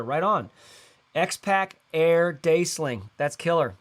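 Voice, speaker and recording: A man in his thirties hosts a casual livestream, rambling loosely and using lots of fillers and slang. His voice is a little high and fairly bright, animated yet slow.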